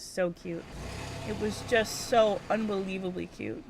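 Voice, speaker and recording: A woman's voice: mid-range voice, steady tone, a little slow, background noise. A woman streamer chatting casually and giggling while she plays a game. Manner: chatty and giggly, talks to herself while playing. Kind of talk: casual gameplay commentary.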